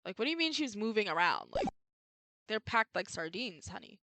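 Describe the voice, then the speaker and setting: A young woman streaming a video game and chatting casually, slangy and quick to get exasperated, at a desk mic at home. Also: medium pitch, big pitch swings, background noise. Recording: loud game music behind.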